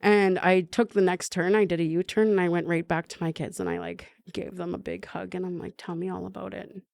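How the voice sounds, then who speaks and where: A woman's voice: fairly low pitch, animated, brisk, vocal fry, darkish tone, no echo, studio quality. A woman from Canada telling her recovery story as a podcast guest, earnest, with many "like" fillers and acted-out dialogue.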